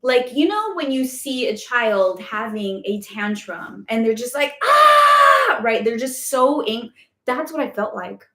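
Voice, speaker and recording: A woman's voice: a little high, animated, unhurried. A woman hosting a casual live spiritual Q&A, chatty and rambling with lots of fillers. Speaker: spiritual guidance host. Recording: echoey room.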